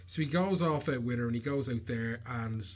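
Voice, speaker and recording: A husky-voiced man spinning a yarn for a friend, animated and quick to slip into the characters. His voice stays at an ordinary middle pitch with a rough, breathy edge. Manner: animated, lively, acts out the characters. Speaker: storyteller. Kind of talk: casual storytelling to a friend.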